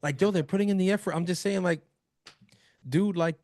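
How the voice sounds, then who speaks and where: A man in his thirties from the United States, co-hosting a casual sports podcast in an excitable, animated way. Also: high-pitched, fairly quick, dry recording, clean studio sound. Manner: animated, excitable, laughs often. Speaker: co-host.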